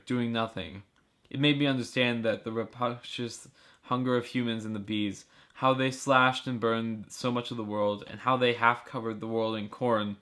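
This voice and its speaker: A man reading a novel chapter aloud for a school project, steady and earnest. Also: lowish voice. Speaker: student reader. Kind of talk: amateur audiobook reading.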